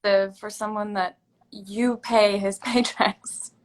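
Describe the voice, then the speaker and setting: A woman's voice: medium pitch, fairly even intonation, unhurried. A woman hosting a live stream, chiming in supportively during a guest's story. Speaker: host. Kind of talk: casual live-stream chat. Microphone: phone or video call.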